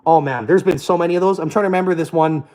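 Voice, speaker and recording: A young man rattles off profane, boastful stories. He talks at a rapid clip in a fairly high voice. The tone is swaggering and combative throughout. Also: a little mellow. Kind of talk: casual storytelling rant.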